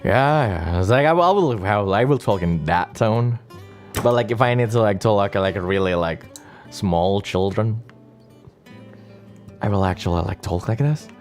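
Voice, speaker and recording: A young man from Indonesia, chatting casually and playfully as a streamer answering viewer questions, with tiny guitar music behind him. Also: normal speed. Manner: playful, teasing, often jumps into a high excited voice. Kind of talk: casual chat. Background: faint guitar music.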